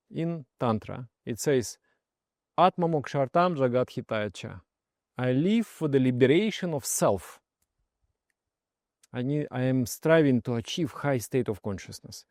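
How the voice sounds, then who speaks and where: Male meditation teacher, gentle storyteller, medium pitch, dry recording. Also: animated, unhurried, pauses often, dry recording. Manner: soft-spoken, often trails off quietly, laughs while telling stories. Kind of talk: personal story and spiritual advice.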